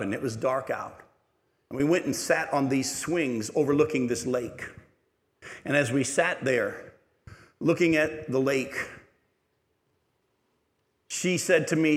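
A man's voice: mid-range voice, a little slow, pauses often. Middle-aged man preaching in an echoey church. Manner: storytelling, earnest, building to emphatic exhortation. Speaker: pastor. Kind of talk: sermon. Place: church sanctuary.

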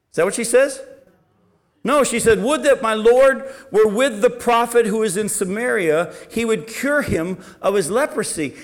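A man preaching a sermon, reading scripture aloud and explaining it, who swings between loud emphasis and quiet asides and asks his listeners questions. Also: high voice.

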